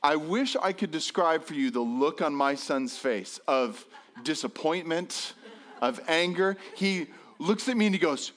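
Animated high-pitched male storyteller. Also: measured pace. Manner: animated, self-deprecating, acts out dialogue in voices. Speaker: speaker telling a story to an audience. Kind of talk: comic personal storytelling.

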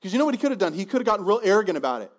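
A male pastor preaching a sermon in a conversational, animated way, often repeating words as he goes. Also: high-pitched, racing.

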